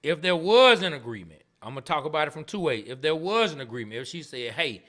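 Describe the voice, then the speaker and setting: Man, bright forceful voice, casual podcast banter, repeats himself. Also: fairly high pitch, quick pace. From Atlanta, US. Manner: laughs a lot, repeats words when excited. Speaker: podcast co-host.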